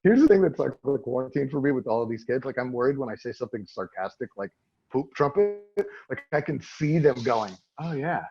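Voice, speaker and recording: Gravelly, husky comedian on dull audio. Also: male voice, mid-range voice, a little fast. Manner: relaxed, self-deprecating, trailing restarts. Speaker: interview guest, comedian. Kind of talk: casual interview chat.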